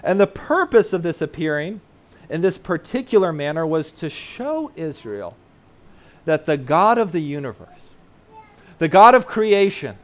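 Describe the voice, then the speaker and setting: A male pastor delivers a sermon in an earnest, teaching tone, his voice pitched fairly high for a man. He leans on fillers and rhetorical "right?" tags, and slows down to unpack big words for the children listening. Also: sing-song. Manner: explains terms plainly for children in the congregation.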